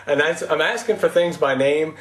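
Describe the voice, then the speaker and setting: A man's voice: on the high side, normal speed, echoey room. A man talking casually to camera in a rambling, self-mocking comic monologue. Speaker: vlogger.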